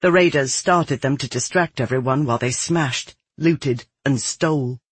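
A man reading a dark first-person novel aloud in a measured, grim storytelling manner. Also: medium pitch, husky, no room sound. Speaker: audiobook narrator. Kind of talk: scripted first-person fiction narration.

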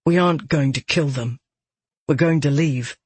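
A man playing a calm decisive soldier. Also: fairly high pitch, normal speed, breathy edge, no room sound. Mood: resolute. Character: calm decisive young male soldier leader.

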